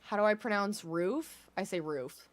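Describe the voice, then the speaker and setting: A woman's voice: medium pitch, animated, moderate pace, a bit bright. A young woman from the American Midwest with a Midwestern accent, chatting casually with viewers while streaming a game and drawing out words for drama. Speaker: gaming streamer.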